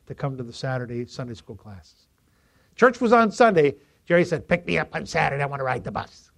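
A man pastor preaching a storytelling sermon, swinging from loud emphasis to quiet asides. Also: mid-range voice.

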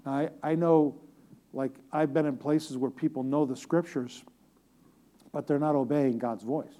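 Male preacher, casual sermon delivery, repeats himself, jokes with the room, voice on the higher side. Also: fairly even intonation, measured pace, dark tone. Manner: chatty, repetitive, joking asides to the congregation. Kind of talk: conversational sermon.

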